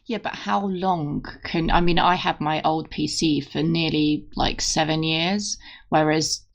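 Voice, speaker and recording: Gravelly low-voiced woman. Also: fairly even intonation, a little slow. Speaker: podcast co-host. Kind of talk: casual chat.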